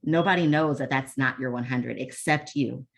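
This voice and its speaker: A woman's voice: a bass voice, normal speed, creaky. A woman presenting a leadership webinar over a video call, talking casually with many ums and restarts and self-deprecating asides. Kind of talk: casual online workshop talk.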